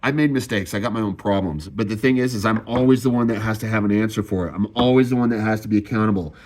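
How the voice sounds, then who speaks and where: Distressed young man venting, low voice. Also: fast talker, a little mellow. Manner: raw, swearing, sighing often, voice rising when upset. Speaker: vlogger. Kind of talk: emotional confessional monologue.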